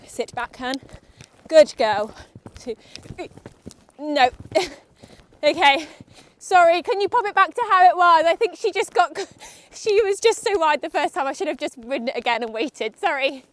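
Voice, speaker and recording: A woman's voice: sits high, moderate pace. A young woman vlogging while riding her horse, chatty and nervous, talking to the horse and her viewers. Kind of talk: casual chat while riding. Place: outdoor riding arena.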